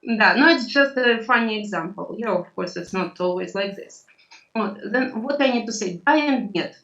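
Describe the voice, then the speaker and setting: A woman's voice: mid-range voice, animated, a bit bright. Woman tutoring over a distant line. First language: Russian. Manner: patient, explains slowly, mixes in Russian words. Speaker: language tutor. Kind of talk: online language lesson. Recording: distant, dull video-call audio.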